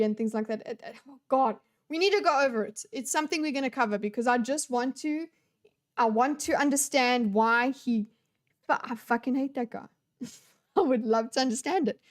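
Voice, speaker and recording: A young adult woman talks over a video she is watching. Her voice sits a little on the high side. She is blunt and exasperated, and she swears freely as she reacts. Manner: blunt, profane, exasperated ranting. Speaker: streamer reacting to a debate video. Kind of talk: casual reaction commentary.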